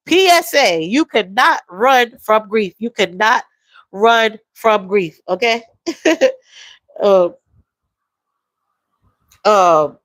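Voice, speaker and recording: A woman's voice: mid-range voice, expressive, drawn-out words, long pauses, a bit bright, dry recording, low-quality recording. A woman, talking openly and emotionally while reading out viewer comments. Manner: emotional, reads viewer comments aloud, drawls. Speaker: livestream host. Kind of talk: casual live-stream chat.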